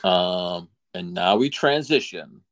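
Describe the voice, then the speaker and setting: A man's voice: deep voice, animated, takes it slowly, a bit bright. A man hosting a podcast in casual chat, dry and wry, leaning on fillers as he introduces a segment. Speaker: podcast host.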